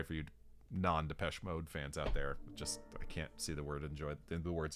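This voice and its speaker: A man's voice: extremely low pitch, steady tone, normal speed, fairly bright tone, faint music behind. A man playing through a solo tabletop adventure, chatting to himself in rambling asides. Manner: chatty, rambling self-talk with asides and chuckles. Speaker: solo tabletop game player.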